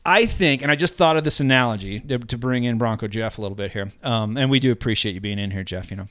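A man's voice: medium pitch, fast talker, a bit bright. A middle-aged man from Colorado co-hosting a podcast, chatting casually and swearing freely about football. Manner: profane, loose and joking. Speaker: podcast co-host. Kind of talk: casual sports chat. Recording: podcast studio mic.

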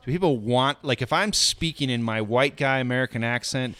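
A man's voice: mid-range voice, a little fast, fairly bright tone, no echo. A man hosting a sports podcast in casual chat, talking with frequent restarts and hesitations. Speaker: podcast host.

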